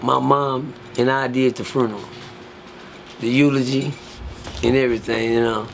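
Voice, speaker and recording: Gravelly man telling a story, animated, profane. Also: medium pitch, moderate pace, a little hiss or hum. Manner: profane, animated, acts out other people's lines in a raised voice. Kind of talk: casual storytelling.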